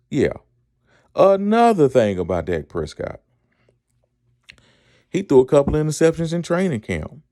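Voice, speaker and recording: Gravelly middle-aged man. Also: mid-range voice, dark tone, dry recording, studio quality. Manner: rhetorical questions, repeats himself, chuckles. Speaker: podcast co-host. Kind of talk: casual sports talk monologue.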